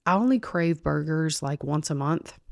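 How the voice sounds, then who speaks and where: A woman with a very low, gravelly voice hosting her own podcast. She talks casually and at length, rambles a little, and laughs often. The sound is dry and close, with almost no room. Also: lively intonation, moderate pace, no room sound. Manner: chatty and rambling, laughs often, addresses listeners as y'all. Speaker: podcast host. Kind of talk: casual solo podcast monologue.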